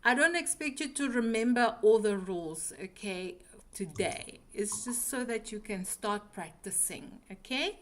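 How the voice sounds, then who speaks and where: A woman teaching a beginner English class, patient and clear, often checking with "right?". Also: medium pitch, lively intonation, fairly bright tone. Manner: patient, slow, checks understanding with frequent "right?".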